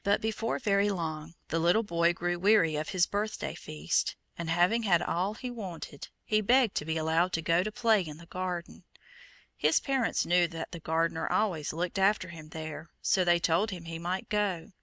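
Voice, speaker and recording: Woman reading a storybook, crisp and dry. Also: on the low side, moderate pace, sharp tone, dry recording. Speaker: reader. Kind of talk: storybook narration.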